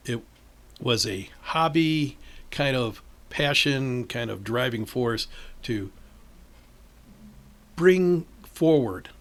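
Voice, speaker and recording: An older man from northern Illinois, a chess club organizer telling stories in a casual interview and acting out the voices of the people in them. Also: mid-range voice. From northern Illinois, USA. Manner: animated storyteller acting out quoted voices, laughs often.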